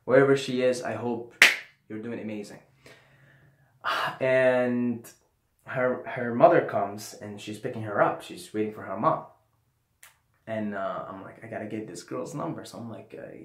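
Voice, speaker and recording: A young man casually telling a trip story on his vlog, animated and swearing, sometimes dropping to a mumble. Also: on the low side, moderate pace. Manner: animated, swearing, drops to mumbling and whispers when quoting himself. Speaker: vlogger. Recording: echoey room.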